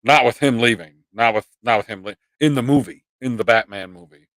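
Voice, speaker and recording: A man's voice: medium pitch, brisk, fairly bright tone, no room sound, rough recording. A man hosting a live pop culture stream, ranting in casual chat with swearing and mock quotes.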